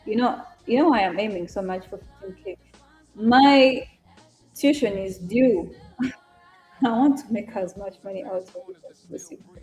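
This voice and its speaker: A woman's voice: medium pitch, moderate pace, darkish tone, soft background music. A young woman with an East African accent, hosting a casual live stream, chatting with viewers, greeting them by name and reading their comments aloud. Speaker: live-stream trader and host.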